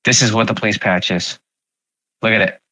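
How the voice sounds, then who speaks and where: A man's voice: fairly low pitch, fairly even intonation, a little fast, bright, forceful tone, breathy edge, rough recording. A man hosting a casual livestream, rambling with many fillers and repeats. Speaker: livestream host.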